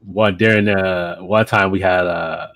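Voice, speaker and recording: A man's voice: low-pitched, fairly even intonation, measured pace, a bit bright, dry recording. A young man on a podcast, casually telling a rambling anecdote with lots of fillers and restarts. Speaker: podcast co-host. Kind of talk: casual chat.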